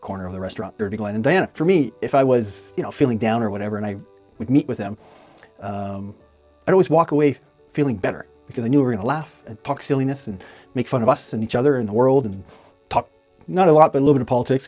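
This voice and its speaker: A man's voice: medium pitch, a little mellow. A middle-aged man from Canada, a magician, telling fond and chatty stories about a late friend with frequent laughs. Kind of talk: casual spoken memorial tribute.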